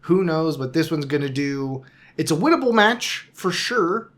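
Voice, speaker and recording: A man's voice: on the high side, lively intonation, measured pace, fairly bright tone. A man co-hosting a casual football podcast, chatting in a wry, self-deprecating way about his team's results. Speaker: podcast co-host. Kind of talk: casual sports chat.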